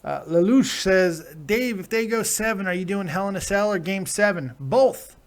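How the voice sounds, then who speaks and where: A man's voice: high-pitched, normal speed. A tired man hosting a live reaction stream, casually reading chat comments aloud with plenty of swearing and laughter. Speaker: live-stream show host.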